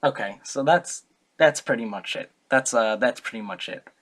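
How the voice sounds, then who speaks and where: A man's voice: mid-range voice, normal speed, a bit bright. Rambling, jokey young man. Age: young adult. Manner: rambling, jokey, self-correcting. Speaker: student presenter. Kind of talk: casual comic history talk.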